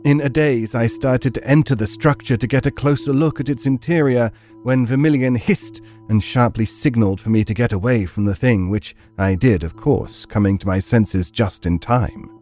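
A male narrator delivers first-person horror narration in a vivid, theatrical manner, his voice at a middle pitch. He builds dread with heated, emphatic phrasing. Soft music sits quietly underneath. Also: moderate pace.

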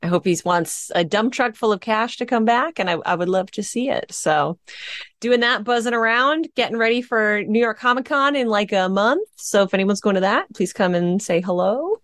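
A woman's voice: mid-range voice, a bit bright, no echo. Casting: bubbly female podcast co-host, jokey asides, dry close recording. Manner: bubbly, joking, quick asides. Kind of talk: live show chat.

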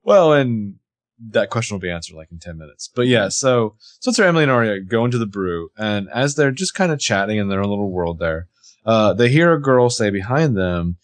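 A man with a mid-pitched, very lively voice swings up and down as he recaps a TV episode, searching for words with plenty of fillers. The sound is dry and close-miked. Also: fairly quick, no echo. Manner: animated, hesitant, many fillers. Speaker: podcast co-host. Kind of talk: casual TV episode recap chat.

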